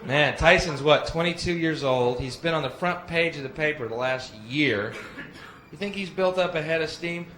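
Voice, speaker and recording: Profane young male stand-up comedian on stage, bit high, roomy live club sound. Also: normal speed. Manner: brash, profane, acts out voices. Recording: echoey live club with loud audience noise.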